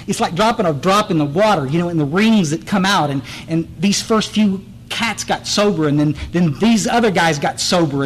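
A man's voice: high voice, low-quality recording. A middle-aged man from the Texas Hill Country, giving a blunt, earnest personal testimony at a recovery meeting, often restarting and repeating words.

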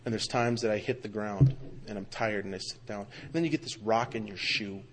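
A man telling his own recovery story at a meeting, with emphatic storytelling that swings from loud outbursts to quiet, low passages. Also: brisk. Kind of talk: personal recovery talk.

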